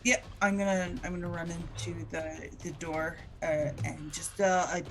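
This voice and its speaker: A woman's voice: on the low side, level tone, moderate pace. A woman playing her character in a tabletop game, hesitant and often restarting her sentences. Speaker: player.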